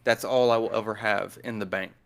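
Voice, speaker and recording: A man's voice: on the low side, fairly even intonation, brisk, vocal fry, clean tone. A man in his thirties or older, a deaf guest explaining things patiently in casual conversation. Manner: patient, explanatory, chuckles while talking. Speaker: deaf guest on a study stream.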